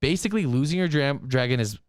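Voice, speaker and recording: An excitable man co-hosts a book podcast in casual chat. His pitch swings all over the place as he talks. The sound is dry and close to the mic. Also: fast talker, no echo. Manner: animated, excitable, frequent "like" fillers. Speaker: podcast co-host.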